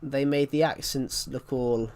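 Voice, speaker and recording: A man's voice: mid-range voice, fairly even intonation, unhurried, darkish tone. Rambling man chatting over gameplay. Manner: rambling, repeats and corrects himself often. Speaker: gaming channel host. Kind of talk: casual gameplay commentary.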